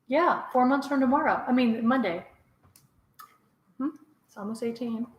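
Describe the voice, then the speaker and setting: A middle-aged woman runs a casual home vlog, talking live with viewers indoors and laughing a lot. Her voice is on the high side and moves at a normal speed, and the lo-fi recording has a roomy echo.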